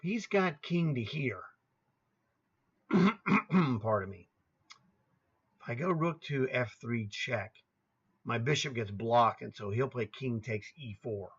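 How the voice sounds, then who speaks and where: This sixty-something chess coach teaches through a screen share from his laptop, talking in a relaxed, chatty way, announcing squares as he goes and grumbling now and then. His mid-range voice is expressive, fairly bright and husky, and he takes things slowly with frequent pauses. The sound quality is lo-fi.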